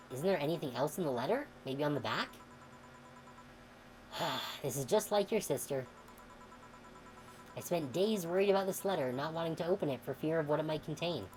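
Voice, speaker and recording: A woman streamer reading a game's dialogue aloud, expressive and sometimes heated. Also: low voice, a little hiss or hum, poor audio. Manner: expressive, swings into heated outbursts when reading.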